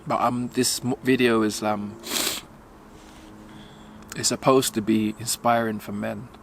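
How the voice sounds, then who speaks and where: A young man vlogging while walking outdoors, speaking haltingly as he holds back tears, with many pauses and fillers. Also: fairly low pitch, level tone, gravelly, a little hiss or hum. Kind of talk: emotional personal vlog.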